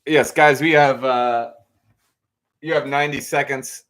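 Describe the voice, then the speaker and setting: A young man hosting a casual live trivia night, reading out answers with relaxed asides and self-corrections. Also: mid-range voice, unhurried.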